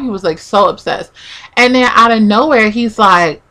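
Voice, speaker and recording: Bright-voiced young woman telling a story. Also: a little high, big pitch swings, normal speed. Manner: chatty, peppered with "like", acts out quotes. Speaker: vlogger. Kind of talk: casual storytime.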